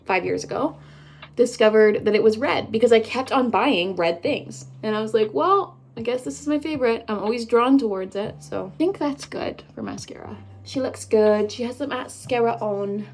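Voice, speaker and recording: In her twenties and from Canada, a beauty vlogger talks casually to viewers as she does her makeup for a get-ready-with-me video, bubbly and prone to rambling asides. Her medium-pitched voice carries vocal fry.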